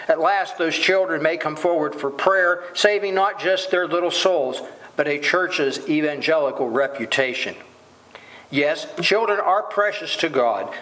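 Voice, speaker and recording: A man's voice: fairly high pitch, a bit bright, low-quality recording. A man preaching a sermon, asking rhetorical questions and voicing quoted lines dramatically.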